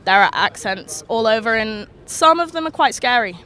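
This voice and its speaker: A woman's voice: fairly high pitch, expressive, moderate pace, pushed and bright. A young woman chatting frankly and matter-of-factly in an outdoor interview. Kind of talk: casual chat. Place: outdoors in a city park.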